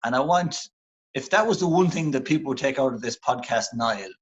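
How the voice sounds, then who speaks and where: A husky, mid-range male voice comes through a rough recording, animated and fairly quick. The speaker is an Irish performance psychologist in an interview, reflecting earnestly and offering motivational coaching on the way people speak to themselves.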